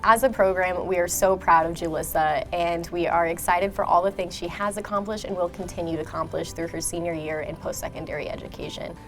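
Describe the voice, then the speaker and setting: A woman's voice: fairly low pitch, steady tone, fairly quick, few pauses, soft background music. Woman program staffer telling a proud story. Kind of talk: recorded video tribute.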